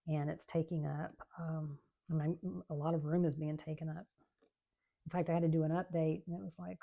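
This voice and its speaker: Woman host, low and gravelly, mellow tone, chatty craft vlog. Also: flat delivery, a little fast. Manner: chatty, rambling, soft-spoken. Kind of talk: casual chat while crafting. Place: home craft room.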